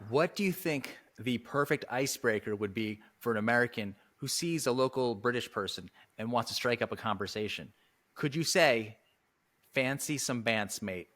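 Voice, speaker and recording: A man hosting a casual interview, asking questions and giving relaxed opinions. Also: mid-range voice, normal speed. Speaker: host.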